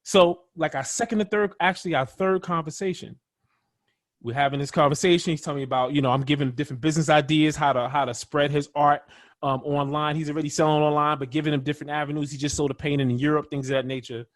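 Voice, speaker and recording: A man's voice: fairly high pitch, fast, dry recording, clean studio sound. Upbeat man telling stories. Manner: animated storyteller, upbeat. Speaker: interview guest. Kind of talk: casual interview chat.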